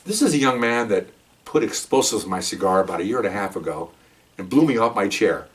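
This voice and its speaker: An older man, a retired police officer, telling stories in a casual, animated way, often checking in with "okay?" and restarting his sentences. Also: fairly low pitch, a little fast, distant mic. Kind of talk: casual anecdotal storytelling.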